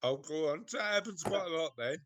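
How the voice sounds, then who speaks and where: A man's voice: on the high side, expressive, quick pace, background noise. An English man hosting a podcast, teasing his co-hosts in casual banter and laughing often. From Britain. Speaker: podcast host. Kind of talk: casual chat.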